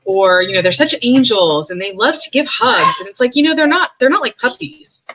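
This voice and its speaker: A young woman speaking candidly and with firm opinions as a podcast host, mimicking other people in high, mocking voices. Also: lively intonation, brisk, a crowd in the background, rough recording. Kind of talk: casual commentary.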